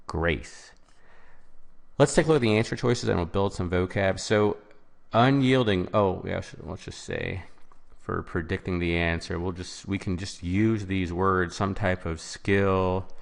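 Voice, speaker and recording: Deep gravelly-voiced male tutor. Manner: explains step by step, stresses key words. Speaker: test prep tutor. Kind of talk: vocabulary lesson.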